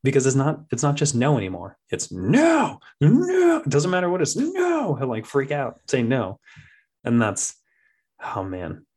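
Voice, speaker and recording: A young man chatting casually as a podcast guest, telling animated parenting stories and mimicking his toddler in a high voice. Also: moderate pace. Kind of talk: casual chat.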